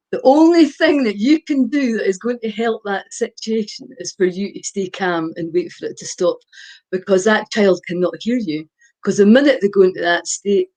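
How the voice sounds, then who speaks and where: An older woman appears as a guest expert in a podcast conversation, offering parenting advice in a mid-range, slightly mellow voice. She's emphatic, repeating her points and checking in with "right?"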